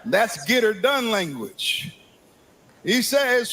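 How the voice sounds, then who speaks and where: A man preaching a sermon, building from slow phrasing to impassioned shouts. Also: high voice, expressive, slight background noise.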